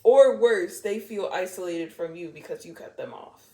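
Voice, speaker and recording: A woman's voice: lowish voice, normal speed, mellow. A woman giving a casual tarot reading to camera, playful and blunt, swearing freely and laughing often. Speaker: tarot reader.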